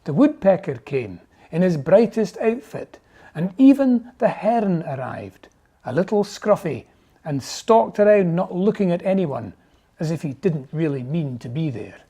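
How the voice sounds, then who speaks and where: Casting: unhurried storybook reader, dark and mellow tone. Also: mid-range voice, very animated, husky. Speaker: narrator. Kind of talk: storybook reading.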